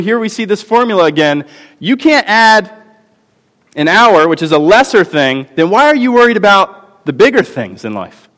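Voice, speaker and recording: A man's voice: fairly high pitch, a bit bright. A man preaching a sermon as pastor, earnest and building to impassioned emphasis. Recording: long hall reverb.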